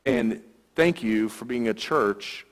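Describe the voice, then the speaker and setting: A youth ministry worker gives a guest sermon in a church sanctuary, telling stories conversationally and using filler words. His voice is mid-range and his pace slow, with long church hall reverb in the recording.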